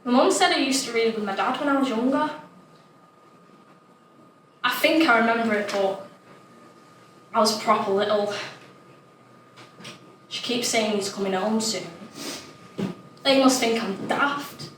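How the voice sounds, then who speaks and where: A woman's voice: on the high side, measured pace, long pauses, fairly bright tone, a little hiss or hum. A woman playing an imaginative, chatty young child, delivering a dramatic monologue, childlike and plain-spoken. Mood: wistful. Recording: roomy echo, distant mic, faint ambience.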